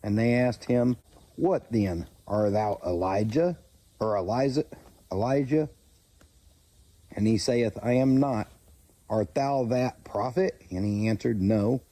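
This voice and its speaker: A man slowly reading Bible verses aloud and pausing to comment, stumbling over names and correcting himself. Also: fairly low pitch, warm tone. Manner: slow, halting reading with self-corrections. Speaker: channel host reading scripture.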